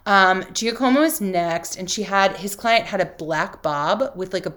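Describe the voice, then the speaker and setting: A woman's voice: medium pitch, a little slow, fairly bright tone. A woman co-hosting a casual chat, recapping a reality show with snarky asides and casual swearing. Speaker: podcast co-host.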